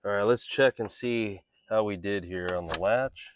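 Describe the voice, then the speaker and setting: A man's voice: on the low side, moderate pace, very noisy. A man hosting a home DIY video, talking casually and narrating each step of the job as he works. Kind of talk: casual step-by-step how-to tutorial.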